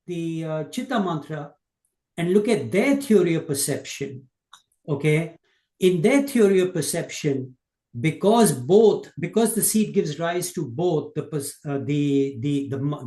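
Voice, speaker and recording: A man's voice: fairly high pitch, darkish tone. Hesitant man in an echoey room. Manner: hesitant, many fillers and broken-off words. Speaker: student. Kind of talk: question in class discussion.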